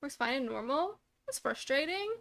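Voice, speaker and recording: A young woman with a high, light voice chats casually on a live stream. She greets viewers by name in a bubbly, upbeat way and often drops into soft, mumbled asides. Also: expressive, normal speed, creaky.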